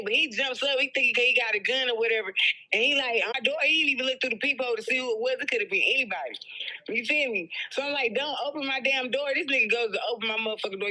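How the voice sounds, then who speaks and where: Fast, heated woman ranting. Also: fairly high pitch, pushed and bright, rough recording. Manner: profane, heated rant. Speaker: guest. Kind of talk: casual storytelling.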